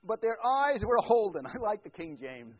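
A man preaching a conversational sermon as pastor, shifting from quiet asides to loud, emphatic build-ups. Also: high voice, sing-song, normal speed, muffled recording.

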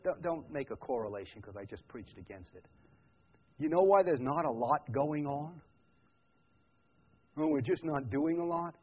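A man preaching a sermon in a church, loud when quoting scripture and quiet in his asides. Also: a little high, breathy edge. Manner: swings from loud emphatic quotes to quiet reflective asides. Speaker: pastor. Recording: muffled lo-fi church recording.

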